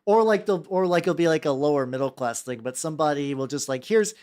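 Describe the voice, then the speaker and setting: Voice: medium pitch, fast talker, a little mellow. A VTuber streamer chatting casually at a desk while painting, rambling with many fillers, swearing casually and greeting chat by name. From United States. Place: home workshop desk.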